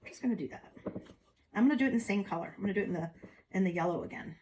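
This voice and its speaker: A woman's voice: mid-range voice, racing, background noise. Chatty woman doing a craft demo. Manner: chatty, folksy, talks to viewers as y'all. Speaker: craft tutorial host. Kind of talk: casual step-by-step craft demo.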